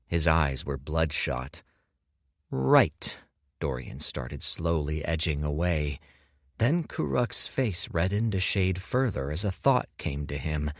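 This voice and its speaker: A man reading an audiobook in measured scripted narration. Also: extremely low pitch, expressive, no room sound, clean studio sound.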